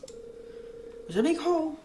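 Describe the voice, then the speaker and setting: A woman voicing a gruff old male fisherman in a video game, with a hearty, folksy seafaring drawl. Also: sits high, very animated, slow pace, noisy background, pitched above the performer's own voice, full character voice. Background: game music.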